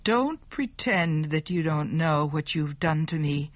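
A woman voicing a bitter, poisoned young man in a slow storybook reading. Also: low voice, animated, dry recording, full character voice. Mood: accusing. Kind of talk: storybook narration.

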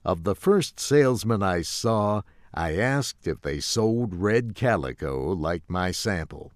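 Male narrator, low voice, lively intonation, measured, dry studio. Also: no room sound. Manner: measured, carefully enunciated. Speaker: story narrator. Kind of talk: slow, clear narration for English learners.

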